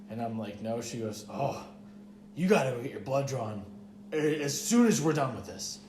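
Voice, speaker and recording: A man's voice: medium pitch, lively intonation, normal speed, darkish tone, a little hiss or hum. Young man rambling through a story. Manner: rambling, profane, heavy use of "like". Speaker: podcast co-host. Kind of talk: casual storytelling chat. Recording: echoey room.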